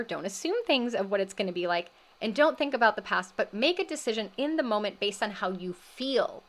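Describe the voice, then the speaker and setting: This wellness podcast host, whose voice is a little high, tells the story of her experience in a spirited, casual way. She voices the people she quotes as she goes.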